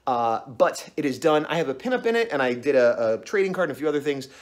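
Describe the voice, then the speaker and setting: A man's voice: mid-range voice, expressive, fast talker. A man casually telling a long story on his vlog, rambling and acting out the other voices in it. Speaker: comic artist vlogger.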